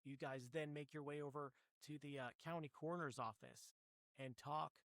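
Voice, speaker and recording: A man's voice: on the high side, steady tone, normal speed, fairly bright tone, no echo. A man narrating as game master of a tabletop horror game, often restarting his words as he explains the scene.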